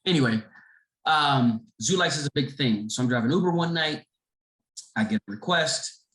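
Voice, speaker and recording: Middle-aged male podcast guest from Chicago, animated storyteller, mid-range pitch, recorded in a reverberant room. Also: normal speed. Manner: animated, acts out the people in his story. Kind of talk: casual storytelling. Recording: roomy echo.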